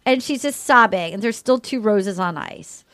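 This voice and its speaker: A woman's voice: medium pitch, animated, moderate pace, a bit bright, dry recording. A woman co-hosting a podcast, recapping a show in casual chat and acting out the quotes as she retells scenes. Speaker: podcast co-host.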